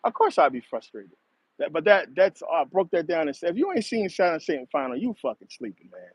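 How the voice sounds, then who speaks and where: A man's voice: fairly high pitch, very animated, a little fast, breathy edge, no room sound. A man hosting a casual monologue, rambling, cursing a lot and laughing often. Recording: dull, slightly lo-fi dry recording.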